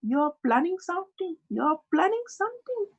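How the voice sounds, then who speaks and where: A man's voice: extremely high pitch, big pitch swings, normal speed, voice pushed up, heavily acted. A man voicing a pushy, mocking Indian father with an Indian accent who keeps repeating himself. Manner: loud, repetitive, interrogating.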